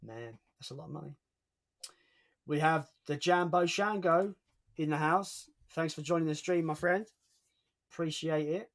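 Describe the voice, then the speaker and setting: A man's voice: fairly high pitch, measured pace, pauses often. A young man hosting a livestream in casual chat, reading out viewer comments as he talks. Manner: chatty, reads out viewer comments. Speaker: livestream host.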